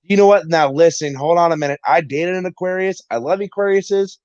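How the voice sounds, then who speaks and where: Man co-host, slightly high voice, rambling, profane, joking, dull lo-fi audio. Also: brisk, darkish tone, no room sound. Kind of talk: casual livestream chat.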